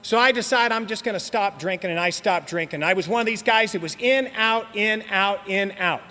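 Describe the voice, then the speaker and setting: A man's voice: sits high, a little fast, sharp tone. A man telling his story at a recovery meeting in a joking, slangy way, talking straight to the audience. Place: meeting hall. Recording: long hall reverb.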